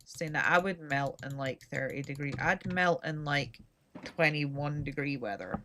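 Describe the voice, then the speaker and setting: A woman's voice: low voice, a little slow, bright, forceful tone, a little hiss or hum. A Scottish woman from Scotland, chatting casually and rambling with dry humor while she streams a game. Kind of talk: casual chat while gaming.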